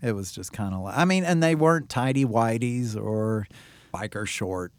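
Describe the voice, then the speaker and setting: A man co-hosting a podcast in casual comedic chat, laid-back and quick to laugh along. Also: lowish voice, expressive, no room sound. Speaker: podcast co-host.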